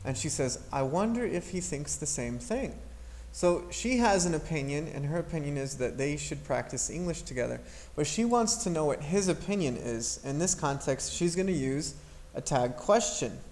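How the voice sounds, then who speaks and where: A man's voice: on the high side, animated, moderate pace, a little mellow. A man teaching an English grammar lesson, explaining patiently and modeling intonation aloud.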